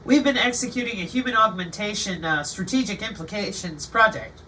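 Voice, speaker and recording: A woman's voice: mid-range voice, fairly quick, pushed and bright, slight background noise, lightly acted. A woman voicing a self-assured official who explains a plan in a patronizing, matter-of-fact way, heard from a slightly distant mic.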